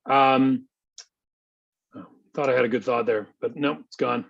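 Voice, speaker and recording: A man's voice: mid-range voice, steady tone, measured pace, gravelly, fairly bright tone. A man co-hosting a casual business podcast who jokes, mocks himself and mostly chimes in with short replies. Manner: joking, self-deprecating, short backchannels. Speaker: co-host. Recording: slightly dull lo-fi sound.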